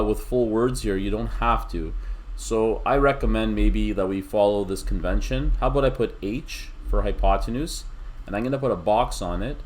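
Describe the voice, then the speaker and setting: A middle-aged man with a somewhat low voice talks through a recorded math lesson. He is patient and explains things one step at a time, with relaxed, casual asides. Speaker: math instructor.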